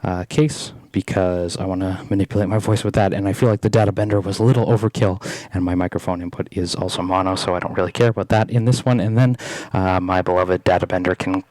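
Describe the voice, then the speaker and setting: A man's voice: low voice, steady tone, quick pace, hardly any pauses, darkish tone, no room sound. A man casually rambling as the host of a modular synth video, with many fillers and a voice run through a glitching distortion effect. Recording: synth music playing behind. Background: electronic synth music.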